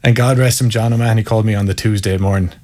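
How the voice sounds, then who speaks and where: A man's voice: on the low side, steady tone, rapid-fire, a little mellow. A man with an Irish accent, a former Gaelic footballer telling wry, candid stories in an interview. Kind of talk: casual storytelling interview.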